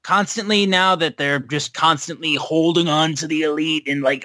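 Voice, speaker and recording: A man co-hosting a wrestling podcast, recapping and ranting in a profane, animated casual chat. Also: on the high side, a little fast, hardly any pauses, dry recording. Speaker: podcast co-host.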